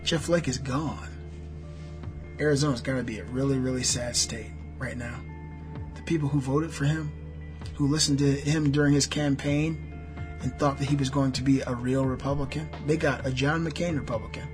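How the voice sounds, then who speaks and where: A man's voice: medium pitch, fairly even intonation, normal speed, over music. A middle-aged American man ranting heatedly about politics, sarcastic and full of profanity. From United States. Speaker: political commentator. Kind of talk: angry political rant vlog.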